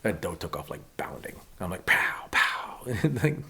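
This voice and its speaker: A man in his thirties, a podcast guest telling hunting stories in a casual, animated way. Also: low-pitched, brisk, vocal fry, husky. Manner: animated, acts out quotes of others. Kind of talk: casual storytelling.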